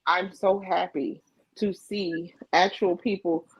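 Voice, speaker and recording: A middle-aged woman co-hosts a livestream, speaking slowly in a lowish, steady, slightly rough voice through a video call mic, with a dry sound and the highs cut off. In candid conversation she's emphatic, repeating phrases to drive her point home.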